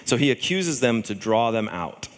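A man's voice: medium pitch, big pitch swings, moderate pace, in a large hall. A man preaching a sermon in a conversational way, often acting out the voices of people in scripture.

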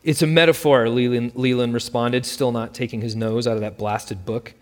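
A man narrating a story in a steady, plain reading voice. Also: medium pitch, moderate pace. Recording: long hall reverb.

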